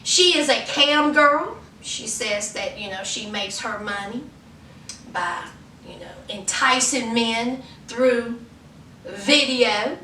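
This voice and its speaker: A woman's voice: fairly high pitch, animated, slow pace, pushed and bright. A woman from Virginia recapping a reality show in a sassy, laughing, chatty way. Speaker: vlogger. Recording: echoey room, distant mic, faint noise.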